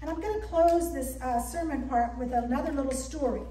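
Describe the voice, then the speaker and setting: A woman pastor reading a story aloud to her congregation in a gentle, expressive storybook manner. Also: high-pitched, brisk, slight background noise. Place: church sanctuary. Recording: echoey church from a distance.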